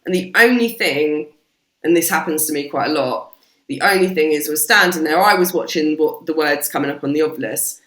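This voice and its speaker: A British woman, a podcast guest, telling stories in a casual, animated way and swearing freely. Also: low-pitched, fairly quick. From Britain. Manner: animated, swears freely, acts out quoted voices. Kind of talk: casual storytelling chat. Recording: roomy echo.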